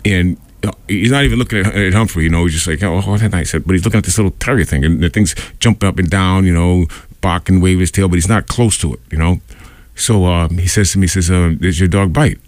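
A man's voice: sits low, fast talker, dry recording. A man hosting a radio show, telling a rambling anecdote full of fillers and acting out the voices of the people in it. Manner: rambling, filler-heavy, acts out quoted voices. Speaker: radio host. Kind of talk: casual storytelling on radio.

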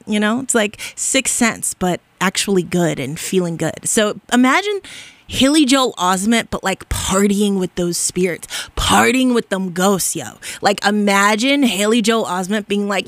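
A woman's voice: mid-range voice, lively intonation, normal speed, no room sound. A woman hosting a radio show from a studio, talking in a bubbly, effusive, rambling way with frequent giggles. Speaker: radio DJ and host. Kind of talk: casual radio DJ chat.

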